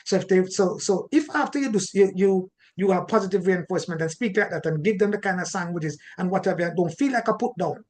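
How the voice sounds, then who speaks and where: A man with a Jamaican accent giving an animated teaching talk on marriage, often repeating words and restarting his sentences. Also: sits high, fairly quick, hardly any pauses. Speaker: relationship teacher.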